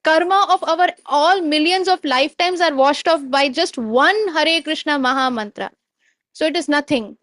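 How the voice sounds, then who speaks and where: A woman tells a devotional story in a lively way, wandering off now and then and pausing to hunt for a word. Her voice is high, and it sounds close and dry in a quiet room. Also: dry recording. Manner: animated, digressive, searches for words.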